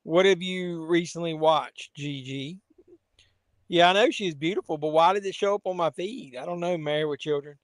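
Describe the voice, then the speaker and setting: A man's voice: on the high side, moderate pace, dry recording. A man hosting a casual live watch-along stream, rambling to chat viewers between asides. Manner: rambling, talks to viewers and his pet.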